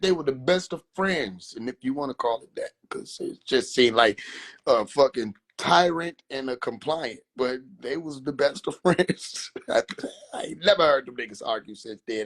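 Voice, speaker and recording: A man hosting a livestream, telling family stories in a casual, profane, animated way with frequent laughter. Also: medium pitch, normal speed. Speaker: livestream host.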